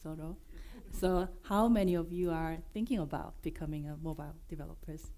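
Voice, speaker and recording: A woman with a Korean accent presenting at a developer conference, her voice hoarse from being unwell, joking and filling pauses with many fillers and restarts. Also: low voice, warm tone. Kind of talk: conference talk. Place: conference room.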